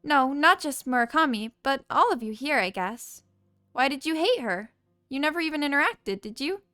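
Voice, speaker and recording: A woman's voice: high voice, animated, normal speed, bright, forceful tone, no room sound, studio quality, soft background music. A woman voicing a polite, eager teenage schoolgirl reporter in a game. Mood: earnest.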